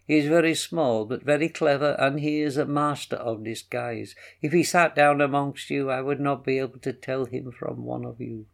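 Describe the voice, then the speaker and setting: A man's voice: mid-range voice, fairly even intonation, moderate pace, creaky, few pauses, close to an everyday voice. A man voicing an earnest circus man searching for his lost dog.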